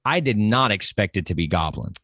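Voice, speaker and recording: Guy geeking out over a movie, talks right into the mic, voice shoots way up when he gets excited, dry sound. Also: a little fast, dry recording. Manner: animated, excitable, jumps into high exclamations. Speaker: pop culture podcast guest. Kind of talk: excited casual movie discussion. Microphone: close microphone.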